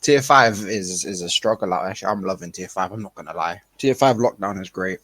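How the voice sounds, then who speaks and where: A man's voice: deep voice, fairly quick, fairly bright tone, dry recording. A man from the United Kingdom, chatting casually on a podcast and explaining things in slang.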